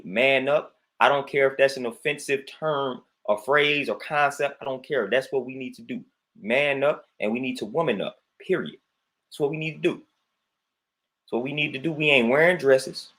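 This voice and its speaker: On his own livestream, a man rants with emphasis and plenty of repetition, tossing in "man" constantly and pausing between points to greet viewers. His voice is mid-range with a fairly bright tone.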